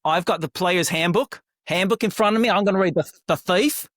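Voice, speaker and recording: Easygoing host from New Zealand, mid pitch, dry close mic. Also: a little fast, no room sound. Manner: easygoing, laughs along. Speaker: podcast host. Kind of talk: casual podcast chat.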